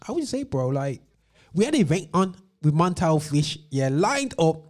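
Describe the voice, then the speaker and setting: A man's voice: a little high, big pitch swings, moderate pace. A man hosting a casual live-stream chat, rambling, interrupting himself and laughing often. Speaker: host.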